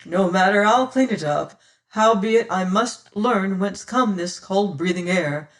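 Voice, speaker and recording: A bold, protective young male adventurer in a storybook tale, as a woman reader plays him, speaking firmly and heartily in old-fashioned turns of phrase. The delivery is slow and deliberate, a little distant from the mic. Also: mid-range voice, animated, natural voice. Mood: resolute.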